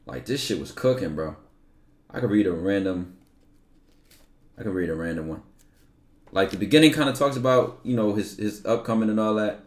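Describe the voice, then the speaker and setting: A man's voice: fairly low pitch, moderate pace, long pauses. A young man livestreaming, talking casually and emphatically, with lots of profanity, and sometimes reading aloud from a book.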